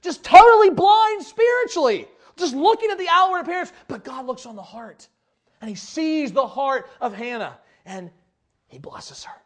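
A male preacher with a notably high voice delivers a sermon in a lively, chatty manner. He jumps from loud emphatic bursts to quiet, hushed asides. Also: normal speed. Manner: animated, conversational, swings from loud to hushed.

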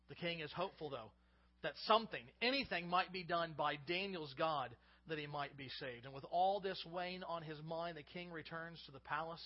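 A high-voiced male pastor preaching a sermon, reading scripture and then unpacking it with animated asides. The recording is slightly dull and lo-fi.

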